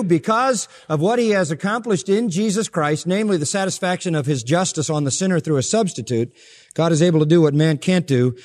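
Emphatic preacher in a reverberant hall. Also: male voice, a little high. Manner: emphatic preaching with sharp rises and soft drops. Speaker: pastor. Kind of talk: sermon.

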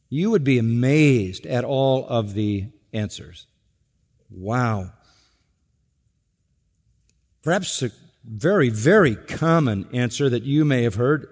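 Emphatic preacher in a reverberant hall. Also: male voice, mid-range voice. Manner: emphatic, slow deliberate phrasing with rhetorical questions. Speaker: pastor. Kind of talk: expository sermon. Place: church sanctuary.

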